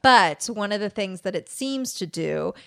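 A woman co-hosting a podcast, recounting a story in casual chat with lively quoted asides and easy laughter. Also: mid-range voice, a little slow, gravelly. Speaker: podcast co-host.

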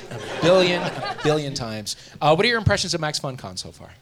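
A man's voice: a little high, a little fast, crowd noise, background noise. A man hosting a live comedy game show, playful and laughing as he runs the rounds. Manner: lively, laughing, playful emcee. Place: live venue before an audience.

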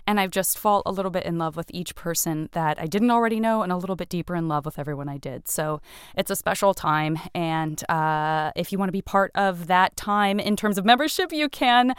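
A woman hosts her podcast in a clear, smooth voice of middle pitch, playful and quick to laugh at herself. The sound is dry and close, with no room around it. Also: no room sound. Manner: playful, emotional, self-mocking. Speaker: podcast host. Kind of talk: podcast interview and fundraising message.

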